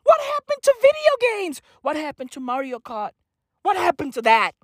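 Woman, comic ranter: high, bouncy pitch, profane slangy bro-talk, excitable outbursts. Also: moderate pace, dry recording, clean studio sound. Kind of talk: comedic rant.

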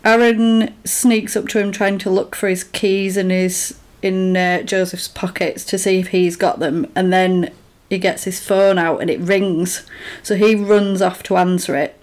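Woman, casual co-host, lively storyteller who voices the quotes. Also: medium pitch, a little slow. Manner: animated storyteller, acts out quotes. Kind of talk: casual chat retelling a film.

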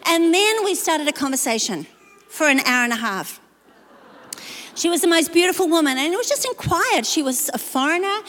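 A woman with a high, bright voice tells a story in a sermon from the stage of a large church. She keeps up chatty, self-deprecating asides to the crowd. A long reverb from the hall trails after her words. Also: very animated, normal speed. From New Zealand. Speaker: pastor.

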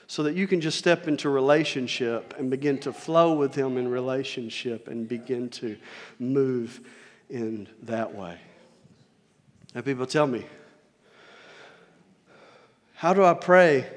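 A man with a high voice preaching a sermon. He shifts between quiet, joking asides and loud, impassioned peaks, and a long reverb trails his words through a large hall. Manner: preaching, swings from soft asides to shouted climaxes. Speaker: pastor.

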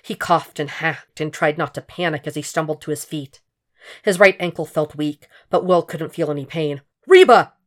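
A woman narrating a fan fiction story in a steady, intense audiobook reading. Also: deep voice, moderate pace.

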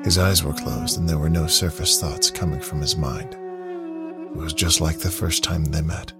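A man narrating a story in a steady, dramatic reading with a husky, creaky voice. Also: low-pitched, unhurried. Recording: dry close mic, faint music.

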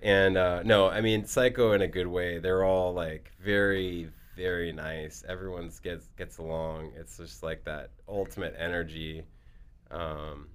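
A man's voice: low voice, steady tone, measured pace, clean tone. A man chatting casually as a guest, telling a long story with lots of fillers and restarts. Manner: rambling, with many fillers and restarts.

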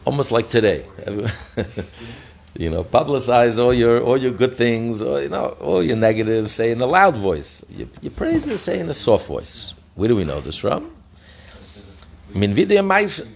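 Lively male Talmud teacher. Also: medium pitch, moderate pace, gravelly, a little hiss or hum. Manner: explains and translates each phrase, self-correcting. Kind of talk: daily page study lesson.

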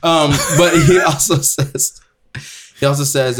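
A man's voice: a little high, measured pace, a little hiss or hum. A young man co-hosting a podcast, telling stories and joking in casual chat. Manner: joking, animated storytelling with fillers. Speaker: podcast co-host.

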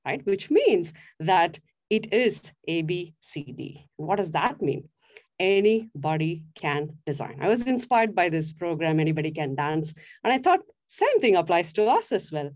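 A woman's voice: fairly low pitch, normal speed. A middle-aged woman giving a motivational talk on design to a live audience, often putting questions to the listeners. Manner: animated, asks the audience questions. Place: stage before a live audience.

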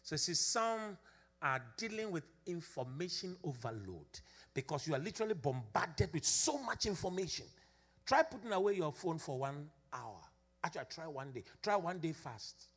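A man's voice: on the high side, very animated, moderate pace, a bit bright, husky. A man preaching a sermon to a congregation in a fervent, sing-song cadence. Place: church gathering.

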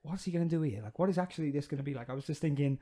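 A man's voice: on the high side, racing. A young man in casual banter, teasing his friend and joking. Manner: teasing, joking, loud laughs. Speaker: podcast co-host.

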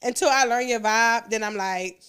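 A woman hosting a podcast in casual chat, blunt and animated, laughing often. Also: on the high side, moderate pace, clear, resonant tone. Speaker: podcast host.

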